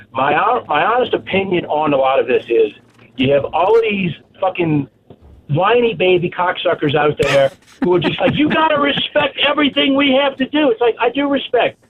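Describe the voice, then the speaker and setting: A man's voice: on the high side, breathy edge. A man from New Orleans calling into a radio show, blunt and profane in how he talks. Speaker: caller. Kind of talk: phone-in opinion. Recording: tinny phone line with faint noise.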